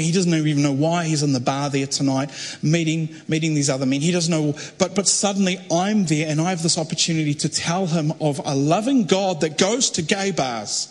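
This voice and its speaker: Man, pastor, storytelling sermon, slightly high voice, long hall echo. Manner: conversational, halting restarts, building to fervent.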